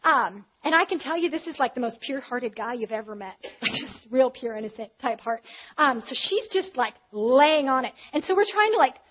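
A woman preacher telling a personal story in a conversational sermon, candid and animated. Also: sits high, moderate pace, husky. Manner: candid, animated retelling with acted quotes. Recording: slightly dull, muffled audio.

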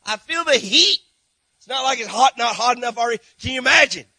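Animated man preaching, bright high voice. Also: a little fast, breathy edge, dry recording. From Texas. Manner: animated storytelling, shifting from hushed to shouting. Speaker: missionary preacher. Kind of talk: sermon.

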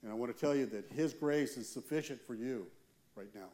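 A man's voice: medium pitch, mellow. Earnest man preaching a sermon. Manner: earnest preaching with slow emphatic pauses. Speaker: church elder.

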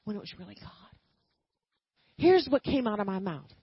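A woman preaching a sermon and telling a personal story, swinging from quiet asides to loud emphatic bursts. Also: mid-range voice, very animated, normal speed, long pauses, slightly rough, no room sound, highs cut off.

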